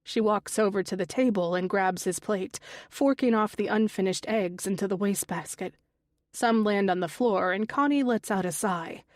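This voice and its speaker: A woman's voice: mid-range voice, moderate pace, no echo. Woman narrating a thriller audiobook, dry. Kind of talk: first-person thriller narration.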